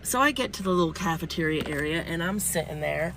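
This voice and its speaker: A woman who works as a home health aide telling a comic story, animated, blunt and salty. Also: fairly low pitch, fast, background noise.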